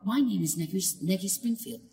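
A man voicing a timid nine-year-old boy teacher, with a soft, whispery, childlike voice and a British accent. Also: high voice, lively intonation, a little fast, in a large hall, pitched above the performer's own voice. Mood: gentle.

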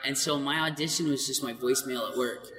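Light-voiced man telling animated stories. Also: in a large hall, over a noisy crowd, low-quality recording. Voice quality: light, high male voice. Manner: animated, laughing, quick asides. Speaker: voice actor. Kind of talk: casual interview storytelling.

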